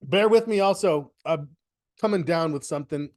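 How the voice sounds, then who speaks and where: A middle-aged man with a slightly high voice hosts a live trading webinar over his computer mic, sounding stuffy from a cold. He rambles in a chatty way, doubling back on his words as he goes. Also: normal speed, a little mellow. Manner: rambling, self-correcting, chatty. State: stuffy with a cold, occasional cough. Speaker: host of a market webinar. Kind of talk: casual live webinar talk.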